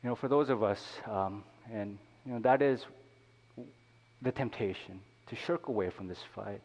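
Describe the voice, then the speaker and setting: A man's voice: on the low side, normal speed, a little mellow. Man preaching in a reverberant hall. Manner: conversational preaching with frequent "you know" asides. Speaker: pastor. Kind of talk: sermon.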